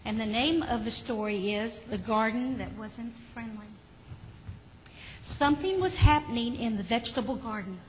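A woman reading a children's story aloud, gently and expressively. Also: a little high, normal speed. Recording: hall with faint background noise.

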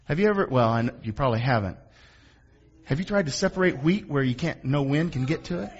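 A man preaching a sermon as pastor, animated and calling on the congregation to answer back. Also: on the high side, brisk, husky, dull audio. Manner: animated preaching with call-and-response asks of the congregation.

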